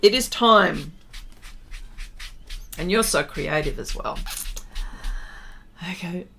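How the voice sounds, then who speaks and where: A woman's voice: on the low side, animated, takes it slowly, fairly bright tone, a little hiss or hum. A woman artist chatting casually with viewers during a livestream pastel demonstration, greeting them and laughing often.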